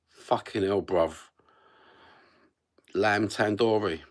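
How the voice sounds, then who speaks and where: A man's voice: on the low side, slow, long pauses. A middle-aged man with an East London accent, rambling through a casual livestream chat, sweary and matey with plenty of slang. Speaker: livestream host.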